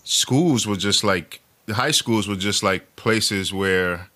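Man, podcast host, relaxed, very deep pitch, bright edge. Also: takes it slowly. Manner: relaxed, backchannels often. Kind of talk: casual conversation.

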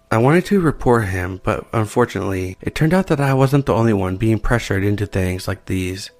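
Man, horror story narrator, calm steady delivery, low pitch, faint background music. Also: dry recording. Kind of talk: scripted narration of listener stories. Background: soft background music.

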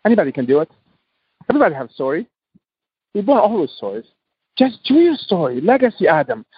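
A man's voice: sits high, sing-song, fast talker, husky, dry recording, muffled recording. A man, a podcast guest, speaking passionately in emphatic, repetitive English. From Tunisia. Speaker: guest entrepreneur. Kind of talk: podcast interview.

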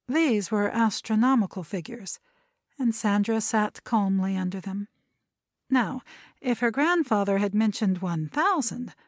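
A woman reads a novel aloud in a steady, measured storytelling voice at an ordinary middle pitch. The sound is dry and close, with no room around it. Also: no room sound. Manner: measured storytelling, voicing characters' dialogue. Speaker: audiobook narrator. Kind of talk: scripted narration of a novel.

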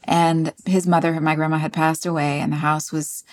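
A woman in her forties from the southern United States, telling stories in an expressive, self-deprecating way as an interview guest. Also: low-pitched, normal speed. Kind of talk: casual chat.

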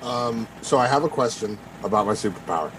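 A man's voice: fairly low pitch, lively intonation, fairly quick, slight background noise, rough recording. A man playing a tabletop game, rambling with lots of fillers. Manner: rambling, full of "like" and "um". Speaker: player. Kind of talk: casual tabletop play.

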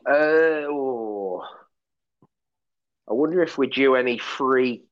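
A man chatting on a podcast as a pundit, cracking deadpan jokes and working himself into mock rants. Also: mid-range voice, slow pace, highs cut off. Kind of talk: casual chat.

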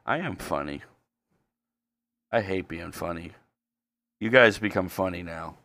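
A man's voice: deep voice, a little slow, vocal fry, no room sound. A man co-hosting a casual podcast, joking crudely while watching a ballgame. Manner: joking, crude, loud bursts. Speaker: podcast co-host.

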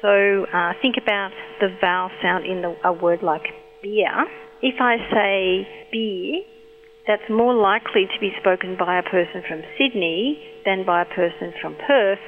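A woman linguistics expert explaining thoughtfully and patiently in a phone interview, pausing as she thinks. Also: mid-range voice. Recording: tinny phone line with faint hum.

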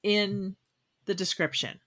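A woman's voice: mid-range voice, slow, a bit bright. A woman co-hosting a podcast in casual chat, leading the conversation with questions. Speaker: podcast co-host.

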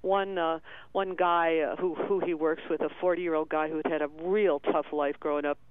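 A man calling in to a radio show, telling a personal story in a halting, tearful way with many restarts. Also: on the high side, steady tone, smooth, no echo. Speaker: caller. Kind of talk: emotional call-in storytelling. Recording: tinny phone line.

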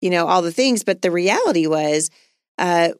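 A woman's voice: on the low side, animated, moderate pace, no echo, clean studio sound. A middle-aged woman hosting a podcast, talking earnestly and conversationally and laughing easily. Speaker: podcast host.

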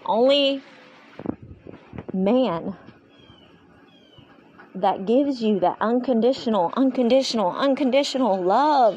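A woman hosting a solo faith-driven motivational podcast, speaking in an animated, rambling, preachy way. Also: on the high side, takes it slowly, pauses often, slight background noise, rough recording. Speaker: podcast host. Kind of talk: solo inspirational podcast monologue.

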